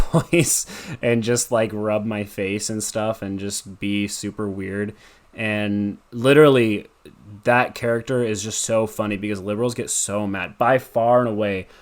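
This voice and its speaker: A young man from Colorado answers a podcast host's questions in a loose, rambling way, full of ums and likes. His voice sits a bit low and sounds clean and smooth. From Colorado, USA. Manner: rambling, with many fillers and likes. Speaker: podcast guest. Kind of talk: casual interview answers.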